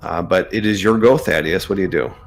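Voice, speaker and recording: A man narrating as game master of a tabletop game, relaxed, with lots of fillers and laughs. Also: deep voice, brisk, a little hiss or hum.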